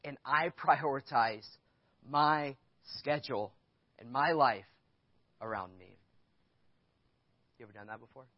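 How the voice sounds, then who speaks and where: In a dry, dull lo-fi recording, a man with a mid-range voice preaches slowly as the church pastor, leaving long pauses. His sermon is candid and conversational, built around a personal story and questions directed at the congregation.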